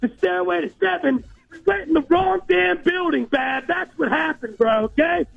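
A fired-up, gravelly-voiced man on a lo-fi call. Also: very high voice, moderate pace. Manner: hyped, fills every sentence with "bro". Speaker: regular caller. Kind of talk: excitable call-in rant. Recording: lo-fi call recording.

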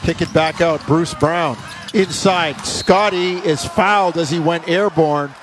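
Higher-voiced man calling basketball play-by-play. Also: a bit bright, soft background music. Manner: rapid clipped calls, rising on made shots. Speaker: play-by-play announcer.

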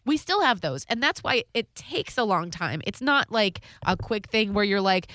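Thirtyish woman cohosting a podcast, bright voice, rambly chatty storytelling, dry close mic. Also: medium pitch, big pitch swings, normal speed, hardly any pauses, dry recording. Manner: rambling, self-interrupting storyteller. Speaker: podcast co-host. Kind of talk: casual chat.

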